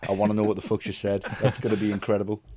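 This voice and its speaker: A man's voice: fairly low pitch, very fast, slightly rough. A man co-hosting a casual film podcast, ranting animatedly with swearing and jokes. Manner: animated, swearing, jokey rants. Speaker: podcast co-host.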